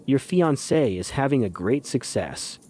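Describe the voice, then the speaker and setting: A man's voice: medium pitch, expressive, measured pace, warm tone, slight background noise, voice pushed up, lightly acted. A man reading a fussy, prim society matron in an audiobook. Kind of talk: audiobook character voice.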